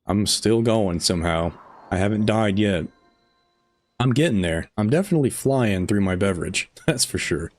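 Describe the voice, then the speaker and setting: A man's voice: on the low side, lively intonation, normal speed, faint music behind. A man live streaming a game, chatting casually with his viewers in a rambling, chuckling way, tired after hours on air.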